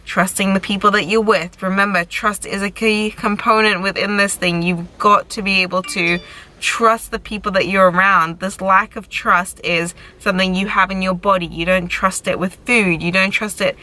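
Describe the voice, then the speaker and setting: A woman's voice: medium pitch, steady tone, normal speed, bright, forceful tone, low-quality recording. A young woman giving frank, encouraging advice in a casual vlog, chatty and swearing now and then. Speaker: vlogger and recovery coach. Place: outdoors by a road with passing cars. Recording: faint traffic noise behind.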